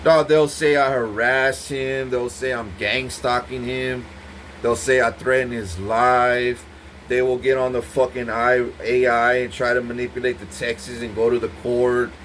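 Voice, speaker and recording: A man's voice: mid-range voice, flat delivery, measured pace, a bit bright, slight background noise. A man giving an intense, profane, rambling monologue to the camera, repeating himself as he goes. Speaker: vlogger speaking to camera.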